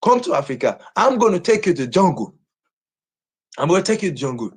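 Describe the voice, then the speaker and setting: A man ranting on a livestream, his high, husky voice swinging wildly up and down. He shouts and repeats himself in agitation. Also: very animated, brisk.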